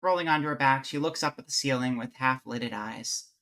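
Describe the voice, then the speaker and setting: Chatty, bright-voiced streamer. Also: mid-range voice, a little fast. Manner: chatty, candid, rambling with restarts. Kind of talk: casual chat and visual novel read-through.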